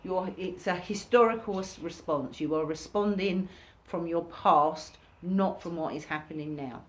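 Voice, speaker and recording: Chatty woman teaching, low-pitched voice. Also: a little slow. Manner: chatty, acts out reactions in sudden high bursts. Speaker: workshop teacher. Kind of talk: informal recorded lesson.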